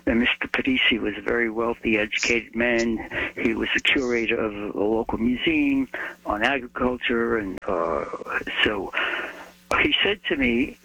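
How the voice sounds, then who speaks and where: A man's voice: medium pitch, moderate pace, creaky, breathy edge. An older American man telling stories in an interview, acting out the people he quotes. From United States. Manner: animated storyteller, acts out the people he quotes. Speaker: guest. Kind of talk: storytelling interview. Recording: dull muffled recording with faint hum.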